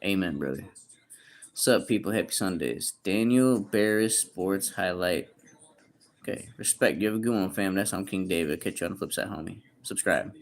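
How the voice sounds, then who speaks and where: With slight background noise, a deep-voiced young man talks at a moderate pace while livestreaming. He voices questions from chat and responds bluntly, his banter crude, profane and full of slang.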